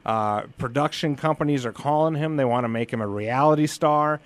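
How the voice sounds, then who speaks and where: A man's voice: medium pitch, fairly quick. A man hosting a casual interview, asking direct and playful questions. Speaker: host.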